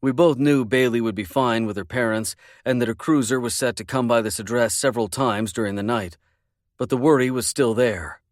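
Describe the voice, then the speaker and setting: A man's voice: medium pitch, dry recording. Dry, close male audiobook narrator. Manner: measured, intimate storytelling. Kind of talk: first-person romance audiobook narration.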